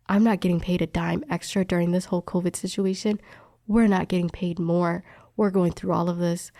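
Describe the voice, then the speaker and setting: A young woman tells her story of hospital work in a frank, emphatic way. Her voice sits fairly low. The sound is dry and close, with no room around it. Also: dark tone, no echo. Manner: candid, emphatic, quotes others' words. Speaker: respiratory therapist telling her story. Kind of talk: personal storytelling interview.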